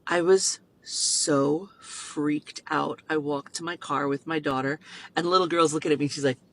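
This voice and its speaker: A middle-aged woman, a mother, telling a personal story in an animated way and acting out the voices in it. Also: sits low, normal speed, slight background noise, low-quality recording. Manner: excitable, acts out voices in her story.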